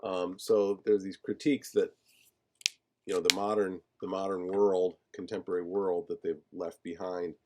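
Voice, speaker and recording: A man teaching a class on a film screenplay, talking haltingly with many fillers and restarts as he searches for page numbers. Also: deep voice, flat delivery, background noise. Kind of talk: lecture discussing a film screenplay.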